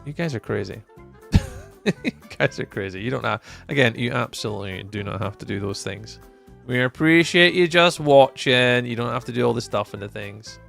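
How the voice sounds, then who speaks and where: Scottish man, young, streamer, casual chat, gravelly voice, faint background music. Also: normal speed, fairly bright tone. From Scotland. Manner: chatty, jumps high when greeting viewers. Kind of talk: casual live-stream chat reading viewer messages.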